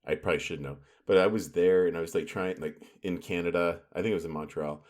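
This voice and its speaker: A man's voice: deep voice, fairly even intonation, quick pace. A man co-hosting a podcast, telling long stories in casual chat with lots of fillers. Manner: rambling storyteller, lots of filler. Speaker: podcast co-host.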